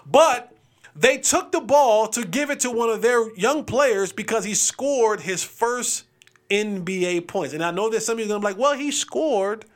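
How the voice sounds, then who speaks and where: A young adult man hosting a casual sports podcast, joking, animated and restarting his sentences often. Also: sits high, normal speed. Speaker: podcast host.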